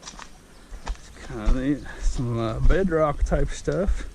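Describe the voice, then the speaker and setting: A man's voice: medium pitch, expressive, slow pace, darkish tone, slight background noise. A man narrating a casual creek-walk vlog outdoors, rambling and thinking aloud as he searches for words, recorded on an action camera mic. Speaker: creek-walking vlogger.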